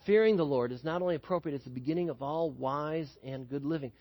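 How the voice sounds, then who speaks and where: Male pastor, high husky voice, chatty sermon style, echoing church hall, dull sound. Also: fast talker, a little mellow. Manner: conversational, asks the congregation questions. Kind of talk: sermon with personal story.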